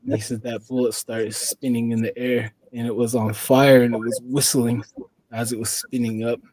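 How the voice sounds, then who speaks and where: A man's voice: medium pitch, flat delivery, normal speed, a little mellow, no room sound, poor audio. A man from the Four Corners region of the US, a podcast guest telling a long story in a rambling way and leaning on "you know". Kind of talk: casual storytelling.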